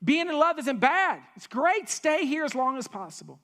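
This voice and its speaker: A man pastor preaching a sermon in a church, animated and repetitive for emphasis, with joking asides. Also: extremely high pitch, normal speed. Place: church stage.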